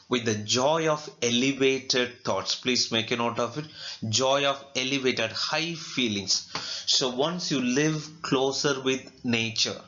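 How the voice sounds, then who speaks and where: A male literature teacher with an Indian English accent, explaining a poem line by line in a slow lecture, asking himself questions and adding fillers. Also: medium pitch, pushed and bright. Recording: dull lo-fi recording.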